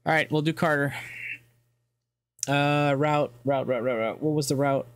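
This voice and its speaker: A man's voice: a little high, fairly even intonation, a little slow, clean tone, no echo. A young man speedrunning a game and narrating it casually, cracking crude jokes, swearing freely and laughing often. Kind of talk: casual gameplay commentary.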